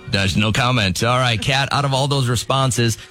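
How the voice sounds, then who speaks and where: A man's voice: mid-range voice, fairly bright tone, faint music behind. A man hosting a morning radio call-in game, playful and teasing with callers. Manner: playful, teasing, quick banter. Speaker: radio show host.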